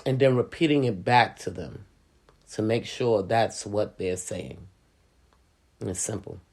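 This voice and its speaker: Middle-aged woman, chatty storyteller, gravelly raspy voice, lively pitch. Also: measured pace. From Hispanic and Native American heritage, US. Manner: animated, chatty, says "you know" often. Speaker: school speaker, sales professional. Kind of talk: casual storytelling.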